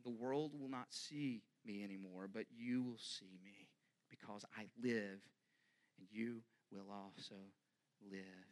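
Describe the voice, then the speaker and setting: A man preaching a sermon, swinging dramatically between hushed, near-whispered lines and loud, rising declarations. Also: medium pitch.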